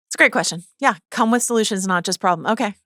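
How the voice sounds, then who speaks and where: Bright-voiced, wry woman podcaster. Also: mid-range voice, fast, dry recording. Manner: wry, dry jokes and playful critiques. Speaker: podcast co-host. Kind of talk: casual pop-culture podcast chat.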